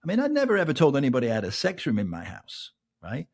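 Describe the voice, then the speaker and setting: A middle-aged man with an English accent hosting a podcast, telling a long personal anecdote in a lively way and often asking "right?". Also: mid-range voice, fast talker. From England. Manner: animated anecdote telling, keeps adding "right?", laughs between lines. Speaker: podcast host. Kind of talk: casual storytelling monologue.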